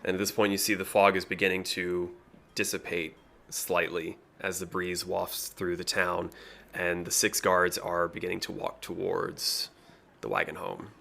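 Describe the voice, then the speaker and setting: Low, bright-voiced game master. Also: male voice, moderate pace, slight background noise. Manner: relaxed, with frequent fillers and throat clearing. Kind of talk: narrating a tabletop game.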